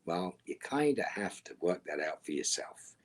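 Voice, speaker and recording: A middle-aged man with a very deep, husky voice answers fan questions over a video call. His humor is dry and wry, and his remarks often sink into soft, half-mumbled asides. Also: big pitch swings, normal speed. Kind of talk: virtual fan Q&A panel.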